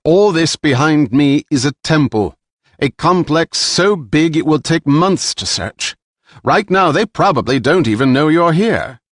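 A man's voice: a little high, animated, a little slow, no echo, studio quality, pitched above the performer's own voice. A male narrator voicing a stubborn, proud man who defies his captor. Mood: defiant. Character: defiant older male treasure seeker.

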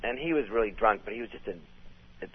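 Rambling low-voiced man on a phone line. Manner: rambling, halting restarts. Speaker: comedian guest. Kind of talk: casual storytelling.

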